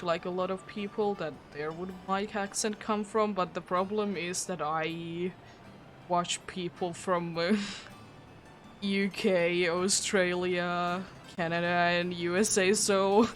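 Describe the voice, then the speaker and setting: A woman's voice: lowish voice, steady tone, takes it slowly, faint music behind. A young woman from Finland, speaking English as a second language with a Finnish accent, chatting casually on a livestream and laughing often. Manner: chatty and giggly, with frequent laughs and restarts. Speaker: streamer.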